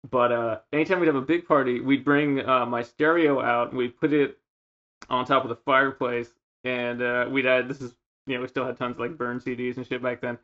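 A man's voice: medium pitch, brisk, dull audio. A man co-hosting a podcast, telling party stories in casual chat and acting out his friends' lines. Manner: animated storyteller, acts out friends' lines. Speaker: podcast co-host.

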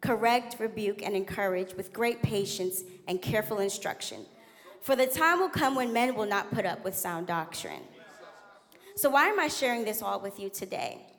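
A young adult woman giving a candid, animated sermon as a guest preacher in a church. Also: medium pitch, normal speed. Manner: animated, laughing, candid storytelling. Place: church sanctuary. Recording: long hall reverb.

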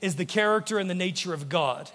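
An American man preaches from the pulpit with a fairly high voice. He speaks earnestly and lets his voice fall soft and low whenever he voices a quotation. The sanctuary gives his words a long, ringing reverb. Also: fast. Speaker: pastor. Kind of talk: sermon. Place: church sanctuary.

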